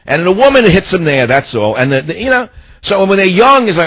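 Man, talk radio host, rambling, sarcastic, husky, dry close sound. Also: high-pitched, sing-song, fast, a bit bright, dry recording. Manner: sarcastic, mocking, meandering.

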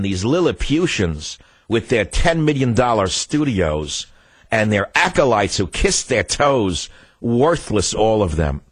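Ranting talk radio host, deep dry voice. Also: male voice, big pitch swings, takes it slowly, slightly rough, no echo. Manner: ranting, heated, repeats phrases for emphasis. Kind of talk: political talk radio monologue. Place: radio studio.

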